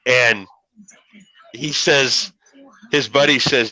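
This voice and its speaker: Rambling through folksy tales, this middle-aged Illinois man hosts the show and swears casually as he goes. He speaks at medium pitch and a moderate pace in a sharp tone, recorded with lo-fi quality.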